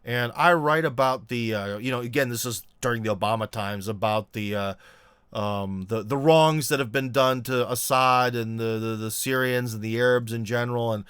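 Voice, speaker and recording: A man voicing a calm male journalist who explains his stance in earnest. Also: medium pitch, moderate pace, clean tone, no echo, studio quality, lightly acted.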